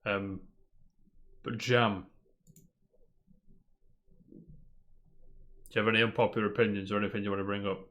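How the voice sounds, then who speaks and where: A man with a fairly low voice co-hosts a casual podcast. He reads out news stories and rambles between them, throwing in a friendly "mate" every few lines. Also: level tone, normal speed, long pauses, a bit bright. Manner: chatty, rambling, peppers talk with "mate". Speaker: podcast co-host.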